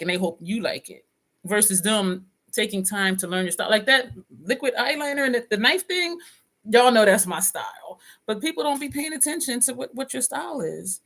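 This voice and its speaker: A woman's voice: fairly high pitch, lively intonation, fairly quick, fairly bright tone. A woman vlogger chatting casually, reading comments and laughing often. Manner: chatty, laughs often, drops into quoted voices. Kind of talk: casual chat with live comments.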